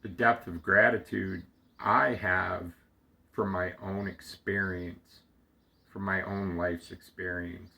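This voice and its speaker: A man slowly telling a heartfelt personal story, halting often with fillers and restarts, close to tears at times. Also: low voice, fairly even intonation, vocal fry, pushed and bright. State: getting emotional. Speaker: storyteller sharing a personal memory. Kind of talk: reflective personal monologue.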